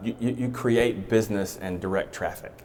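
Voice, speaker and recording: An easygoing man hosts a casual sit-down chat, keeping it moving with short replies and affirmations. His voice sits on the low side, and he sounds relaxed throughout. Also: normal speed, slight background noise. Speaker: show host, interviewer. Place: brewery taproom.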